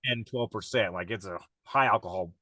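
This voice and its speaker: A man's voice: on the low side, fairly quick, sharp tone, no echo. A man guest on a podcast, telling a wild story in a rambling, profane way with frequent laughs. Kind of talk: casual storytelling chat.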